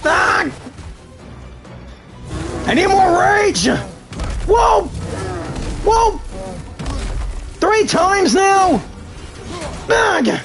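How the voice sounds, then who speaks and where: Sex: male. Role: gaming streamer. Style: live gameplay commentary, loud and excitable, very high-pitched shouts. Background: game music. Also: very slow, gravelly, pauses often.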